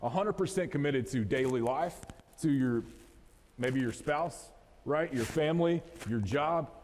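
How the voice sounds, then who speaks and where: A man's voice: mid-range voice, measured pace, a little mellow, slight background noise. Folksy West Texas man, echoing hall. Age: 30s. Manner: joking, folksy, talks straight to the crowd. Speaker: motivational speaker. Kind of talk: motivational talk to an audience. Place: event hall, live audience. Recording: long hall reverb.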